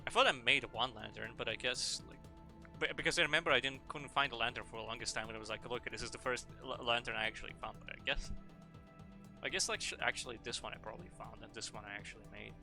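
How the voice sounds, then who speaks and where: A man's voice: medium pitch, quick pace, pushed and bright, soft background music. A man streaming a game in casual, playful chat, rambling and swearing freely.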